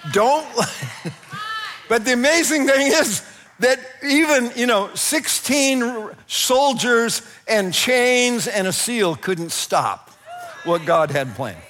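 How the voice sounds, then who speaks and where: High-voiced man preaching a lively sermon. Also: extremely slow, in a large hall. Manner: animated preaching, laughing, crying out. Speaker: pastor.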